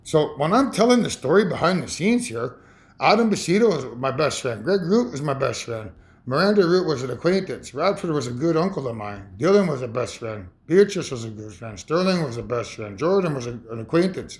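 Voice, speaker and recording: A man in his fifties talking in a rambling, emotional personal monologue, halting and repeating himself. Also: mid-range voice, big pitch swings. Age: 50s. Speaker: vlogger.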